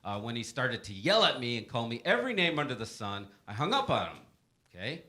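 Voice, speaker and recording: A man's voice: medium pitch, sing-song, fairly quick, bright, forceful tone. A man hosting a webcast segment, reading out help desk stories in an upbeat, playful way and laughing often. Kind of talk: casual storytelling to a panel.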